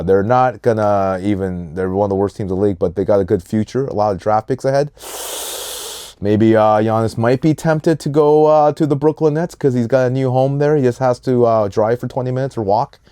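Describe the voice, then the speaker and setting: A man hosting a casual sports podcast, giving animated hot takes and stretching out names for emphasis. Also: medium pitch, a little fast, clear, resonant tone, no room sound. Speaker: podcast host.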